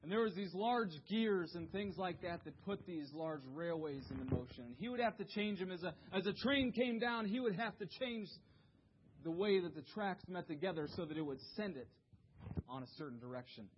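A man preaching a sermon, telling a story dramatically, dropping to hushed low tones and then rising to shouts. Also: normal speed, noisy background. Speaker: pastor. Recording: dull lo-fi recording.

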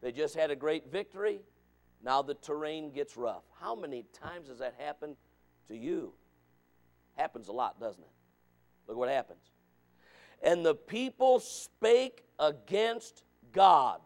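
High-voiced preacher man, swinging loud and soft. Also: expressive, measured pace. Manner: preaching with rhetorical questions and calls of amen; swings from low asides to loud shouted points. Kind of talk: sermon.

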